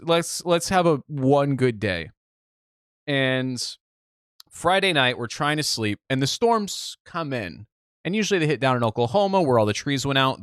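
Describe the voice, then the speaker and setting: Swearing, animated male storyteller. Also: mid-range voice, clean tone, no echo, studio quality. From Midwest United States. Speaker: podcast co-host. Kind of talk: casual storytelling chat.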